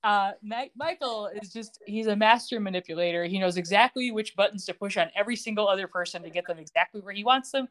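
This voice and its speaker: Brief: woman, podcast co-host, lively plot recap, middle pitch, plays the characters' lines. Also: fast talker, few pauses. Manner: acts out characters' lines with shifting pitch, laughs often. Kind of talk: casual chat, animated plot retelling.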